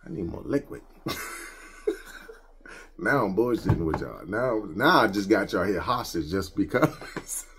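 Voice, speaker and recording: A man with a low voice that swoops up and down as he jokes around. He talks in a loose, slangy way while showing off his toy collection at home, and faint noise sits underneath. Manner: joking, slangy, quick to laugh. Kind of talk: casual unboxing chat. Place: home collection room with shelves.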